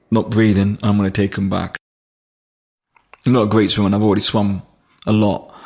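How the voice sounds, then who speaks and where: Man, gravelly voice, flat delivery, emotional, halting, podcast guest. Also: lowish voice. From Durham, England. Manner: halting, emotional, many restarts. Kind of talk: personal storytelling in conversation.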